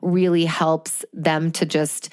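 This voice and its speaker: A woman's voice: deep voice, flat delivery, takes it slowly. A woman in her forties co-hosting a casual podcast chat, earnest and emotional, laughing often as she talks. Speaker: podcast co-host.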